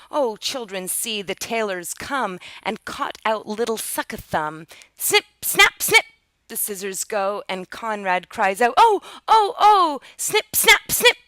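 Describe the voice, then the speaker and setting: Bright, clear woman reading storybook rhymes. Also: dry recording. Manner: lively storybook reading, jumping high and loud for quoted cries. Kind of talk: reading aloud a rhyming children's picture book.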